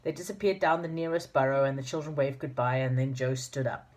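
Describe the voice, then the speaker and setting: A woman's voice: a bass voice, steady tone, brisk, a little mellow. A woman reading a children's storybook aloud in an informal manner, with fillers and restarts. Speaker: narrator.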